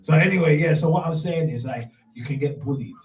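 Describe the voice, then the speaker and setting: A man with a Nigerian accent hosting a casual radio chat show, animated, often checking in with "you get me". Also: fairly high pitch, brisk, roomy sound, recorded from a distance, low-quality recording.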